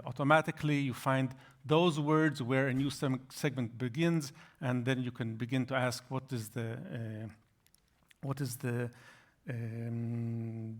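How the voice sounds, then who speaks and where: A man giving an academic lecture, explaining slides in a halting way with frequent restarts. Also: medium pitch.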